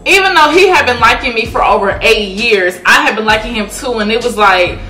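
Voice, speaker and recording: A woman in her twenties chatting casually on a vlog, lively and swearing freely as she acts out what people said. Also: fairly high pitch, brisk. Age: 20s. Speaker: vlog guest, girlfriend. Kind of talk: casual chat. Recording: echoey room with music behind.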